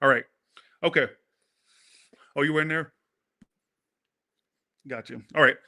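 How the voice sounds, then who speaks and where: A chatty man giving a tarot reading in a bright, forceful voice. He wanders off on tangents, swears casually and talks straight to his viewers. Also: a little high, a little slow, gravelly. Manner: rambling, profane, talks to viewers. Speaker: tarot reader.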